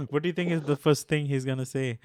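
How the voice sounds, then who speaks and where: A man hosting a casual podcast chat, laughing often and asking his questions slowly and deliberately. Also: fairly high pitch, darkish tone, clear, resonant tone, no echo. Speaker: podcast host.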